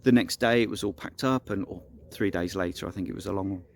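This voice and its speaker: A man's voice: low voice, quick pace, darkish tone, a little hiss or hum. Man rambling through an improvised story. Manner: rambling, casual, many restarts.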